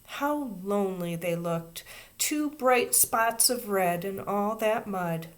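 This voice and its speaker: A woman, a teacher, reading a children's chapter book aloud with expressive, steady storytelling. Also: medium pitch, takes it slowly.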